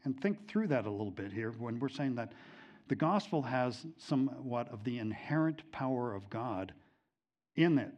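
A man's voice: mid-range voice, dull audio. A middle-aged man teaching a Bible lesson, telling a personal story in a conversational way with many fillers and restarts, at times emotional.

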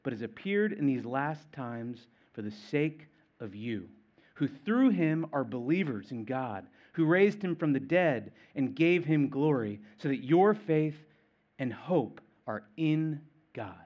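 A man's voice: medium pitch, lively intonation, slow. Emphatic male preacher, muffled sound. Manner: emphatic, repeats key phrases, swings loud and quiet. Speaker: pastor. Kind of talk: sermon.

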